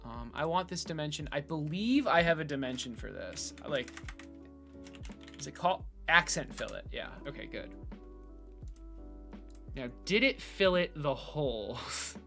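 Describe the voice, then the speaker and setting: A man thinking out loud in a casual screen-recorded build log, hesitant with many fillers and restarts, from his room at home. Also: on the high side, expressive, a little slow, creaky, pauses often, soft background music. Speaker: hobbyist robot builder. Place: bedroom at home.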